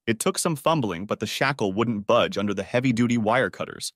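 A man's voice: lowish voice, lively intonation, brisk, fairly bright tone, dry recording. A man narrating a dramatic audiobook story in a scripted reading, on a close studio mic.

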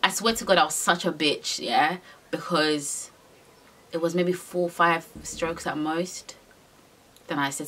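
Young woman, confessional vlogger; bright, animated delivery, rambling and unfiltered. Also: fairly low pitch, normal speed, breathy edge. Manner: frank, rambling, swears freely, heavy slang. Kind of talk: storytime confession to camera.

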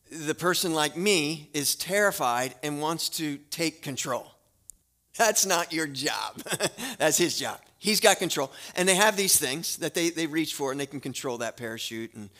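A man preaching a sermon as a guest pastor in a church, telling a story in a relaxed conversational way with fillers before a prayer. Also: a little high. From Florida. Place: church sanctuary.

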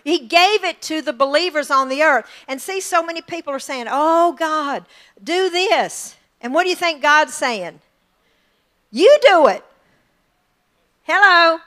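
A middle-aged woman pastor, preaching a lively sermon and calling for amens from the congregation. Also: high voice, moderate pace. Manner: excitable, lively preaching with call-and-response.

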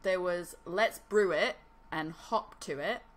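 A woman's voice: on the low side, slow, a little hiss or hum. A woman co-hosting a podcast, chatting casually and laughing, with lots of "like" fillers. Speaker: podcast co-host. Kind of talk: casual chat.

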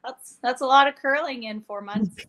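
Canadian woman in her 30s, guest on a chat show, talks open and soft, lots of um and uh. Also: sits high, moderate pace. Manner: candid, many fillers, soft-spoken. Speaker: guest, curler. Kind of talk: casual interview chat.

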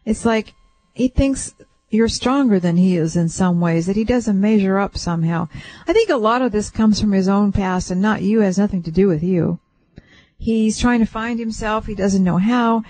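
A woman hosting a call-in radio show, giving a caller a psychic reading in a gentle, reassuring way and passing on what she senses, bit by bit. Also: medium pitch, moderate pace, low-quality recording. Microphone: radio studio mic.

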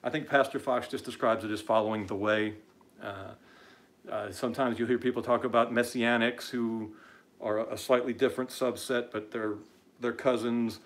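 A man's voice: medium pitch, fairly even intonation, normal speed. A man hosting an online show, talking in casual live-stream commentary with many "uh"s and stammering restarts, blunt and combative.

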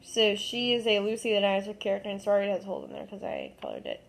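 A woman's voice: mid-range voice, wildly swooping pitch, fast talker, gravelly. A woman chatting casually as host, showing her drawings in a giggly, rambling way with many fillers. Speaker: channel host.

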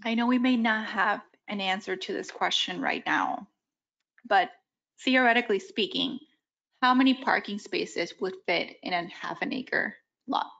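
A woman at a mid pitch speaks with a voice that is going hoarse. She talks in a measured, conciliatory way at a desk microphone in a municipal meeting room. The audio is slightly dull. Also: sing-song, a bit bright. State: losing her voice. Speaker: city board member. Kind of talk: public meeting discussion.

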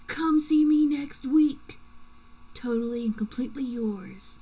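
A lovesick, possessive young man pours out his letters, as a woman reads them aloud with mock drama. The tone is mellow, sitting a little high. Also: steady tone, a little fast, slightly rough, poor audio.

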